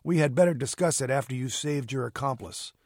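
An unflappable gentleman sleuth, read by a man, speaking in a measured, crisp and coolly ironic way. The voice sits at an ordinary male pitch. The recording is dry and close, with no room sound. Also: no echo, lightly acted. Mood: cool, commanding. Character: calm, cutting gentleman detective, cool and commanding. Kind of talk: audiobook character reading.

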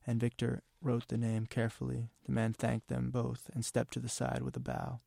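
A man, an author, reading from his novel in a measured, somber way. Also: mid-range voice, completely flat delivery, creaky, warm tone, no echo, clean studio sound. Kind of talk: literary reading.

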